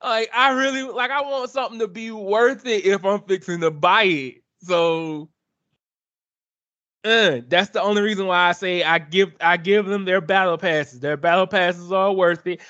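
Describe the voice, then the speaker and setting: A man co-hosting a casual gaming chat, talking in an animated, exasperated, ranting way. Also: high voice, normal speed, no echo. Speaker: podcast co-host. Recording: dull lo-fi dry sound.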